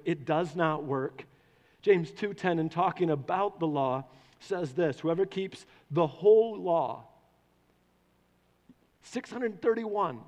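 Guy pastor preaching, high voice, keeps asking the crowd stuff, big echoey hall. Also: muffled recording. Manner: animated, asks the congregation questions. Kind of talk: sermon. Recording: long hall reverb.

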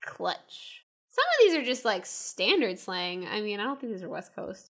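Bright giggly woman podcast host. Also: medium pitch, big pitch swings, moderate pace. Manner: giggly, self-mocking, chatty. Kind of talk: casual chat.

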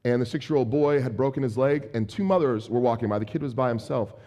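A man in his thirties preaching a sermon as pastor, conversational and animated, with playful asides. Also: medium pitch, fast.

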